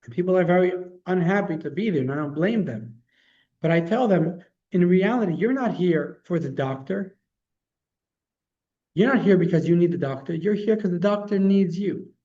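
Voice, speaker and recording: A man's voice: sits high, expressive, moderate pace, warm tone, lo-fi sound. A man teaching a religious class as its rabbi, telling stories conversationally with frequent restarts. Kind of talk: storytelling lesson.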